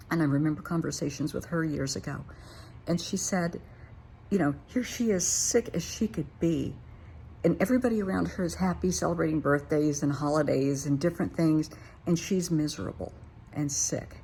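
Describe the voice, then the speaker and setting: A woman's voice: sits low, gravelly, darkish tone, a little hiss or hum. An older woman, a therapist, giving an earnest, plain-spoken motivational talk to her viewers.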